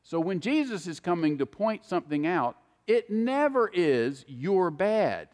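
A man's voice: sits high, very animated, moderate pace, darkish tone, long reverb tail. A man preaching a sermon, earnest and speaking straight to his listeners. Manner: earnest, addresses listeners directly by name.

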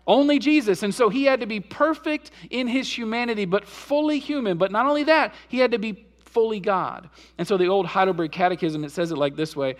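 Male pastor with a high voice, preaching a storytelling sermon that swings between hushed and emphatic. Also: fairly quick, few pauses. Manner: storytelling preacher, swings between soft low passages and louder emphatic peaks.

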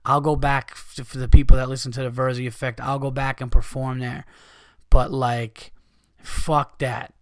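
Animated swearing man telling a story. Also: medium pitch, normal speed, no echo, clean studio sound. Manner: animated, swearing, acts out quoted people. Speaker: comedian and podcast host. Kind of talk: casual storytelling monologue.

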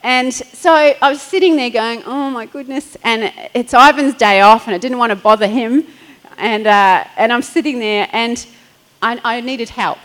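A woman's voice: on the high side, normal speed, fairly bright tone, poor audio. A middle-aged woman pastor, preaching in a chatty storytelling way, laughing and acting out quotes. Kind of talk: sermon.

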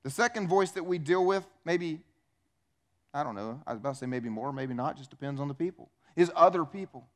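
A man with a fairly high voice delivers a sermon in a church. He keeps it conversational, asks the congregation questions and breaks into little acted voices for the people he quotes. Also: expressive, fairly quick. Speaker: pastor.

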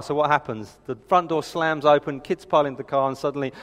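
A man's voice: a little high, a little fast, few pauses, fairly bright tone. A man in his thirties preaching a sermon, telling family stories in a chatty, self-deprecating way. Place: church hall. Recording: reverberant hall.

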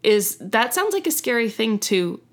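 A woman's voice: a little high, big pitch swings, moderate pace. Chatty young woman telling a story. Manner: chatty, self-correcting, laughs at own slips. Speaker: podcast host. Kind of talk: casual storytelling chat.

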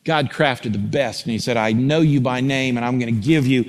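A male pastor delivering a sermon, swinging from loud, rising climaxes down to quiet, low passages. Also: steady tone, moderate pace, soft background music. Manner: preaching that builds to loud, rising climaxes then drops low. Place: large church sanctuary. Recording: long hall reverb.

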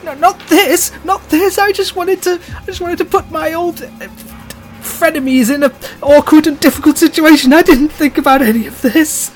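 Guilty panicking young man voiced by a male game master, high, fast, desperate. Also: soft background music. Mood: panicked. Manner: high, fast, frantic pleading.

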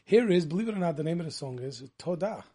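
High-voiced guy hosting a radio music show, eager, cuts in a lot. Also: lively intonation, quick pace, warm tone. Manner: enthusiastic, talks over his co-host. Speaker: radio host. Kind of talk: casual radio chat. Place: radio studio.

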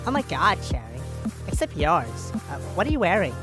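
A man's voice: high voice, huge pitch swings, normal speed, music in the background. A man voicing a gushing, catty young woman at a club, in a comedy sketch.

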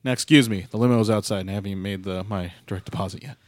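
A young man with a fairly low voice talks rapid-fire as co-host of a casual podcast, recapping a wrestling show. His rambling chat is heavy with fillers and sarcastic asides, and the recording is dry.

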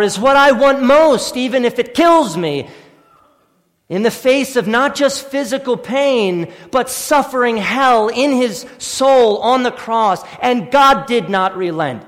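High-voiced pastor preaching in a reverberant hall. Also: male voice. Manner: earnest, swings from hushed to forceful, repeats questions. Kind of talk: sermon.

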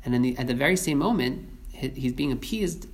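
Guy teaching a bible class, earnest, mid pitch, stops and restarts a lot. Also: expressive, brisk. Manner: earnest, thoughtful, many restarts and fillers. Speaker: Torah teacher. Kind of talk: Bible lesson.

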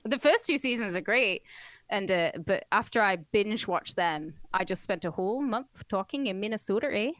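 A woman's voice: mid-range voice, expressive, moderate pace, no room sound. A woman co-hosting a podcast in casual comedic chat, blunt and crude, laughing often. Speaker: podcast co-host.

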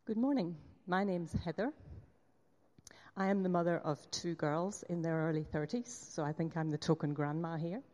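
A woman in her fifties with a low voice opens a personal talk at a church gathering. Her manner is dry and wry, and she is the mother of grown daughters. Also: normal speed, warm tone.

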